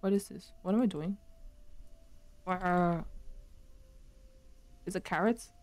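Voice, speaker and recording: A woman's voice: fairly low pitch, slow pace, darkish tone. A young woman streaming, chatting casually with her viewers while she plays, laughing often. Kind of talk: casual chat while gaming.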